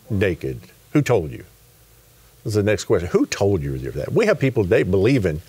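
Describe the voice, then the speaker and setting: A man from West Texas explains scripture in an earnest, conversational way and keeps affirming his partner. His voice sits very low and carries a husky edge. His pitch moves freely as he stresses his points. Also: huge pitch swings, moderate pace, no echo. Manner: earnest, affirming, drops to soft murmurs of agreement. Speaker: guest minister. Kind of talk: conversational Bible teaching.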